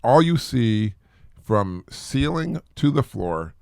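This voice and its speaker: A middle-aged man with a mid-range, vocal-fried voice hosts a casual solo talk podcast, speaking slowly while he rambles, repeats words and stays lively and chatty. He keeps sneezing from allergies. The recording is dry and studio quality.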